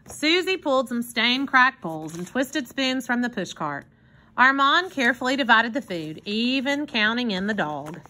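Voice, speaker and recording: A woman reading a children's book aloud in an expressive storytelling manner. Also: a little high, normal speed. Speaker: narrator.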